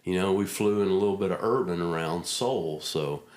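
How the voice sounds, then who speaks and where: Middle-aged guy with a real low voice spinning folksy stories, roomy echo. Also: moderate pace, a little mellow. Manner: folksy anecdotal storyteller, acts out quotes. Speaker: guest, retired army helicopter pilot. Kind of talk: casual storytelling interview.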